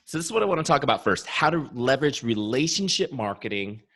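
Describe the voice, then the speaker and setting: A man who founded a software company, leading an upbeat training webinar. He talks with enthusiasm and repeats his key points, in his early morning voice. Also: medium pitch, sing-song, fast talker, few pauses, dry recording.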